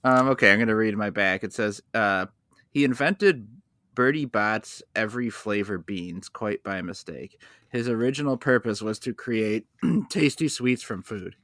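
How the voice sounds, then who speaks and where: A man hosting a casual snack podcast, low-key and dry as he leads the segments. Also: a little slow, fairly bright tone, no echo. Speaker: podcast host. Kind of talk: casual chat, snack tasting.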